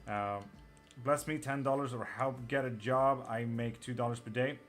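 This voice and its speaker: A man's voice: medium pitch, steady tone, a bit bright, faint music behind. Blunt, swearing man with an Irish-sounding lilt. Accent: Irish-sounding, with a twang. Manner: blunt, swears freely, answers chat questions in quick asides. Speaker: live tarot reader. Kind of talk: casual live-stream chat.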